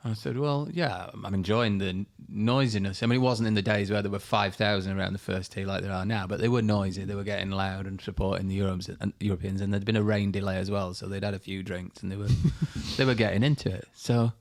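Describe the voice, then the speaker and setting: A man, a golfer guest telling lively anecdotes on a podcast. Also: lowish voice, quick pace, few pauses. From England. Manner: animated anecdotes, acts out voices. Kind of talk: storytelling interview.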